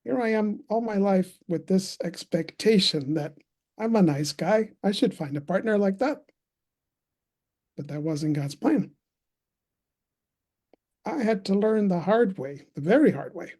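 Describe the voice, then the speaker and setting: Earnest man in his thirties, mellow voice. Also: sits high, expressive, a little slow, pauses often. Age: 30s. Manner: earnest, reflective storytelling. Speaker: conference speaker and poet. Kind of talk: personal testimony talk.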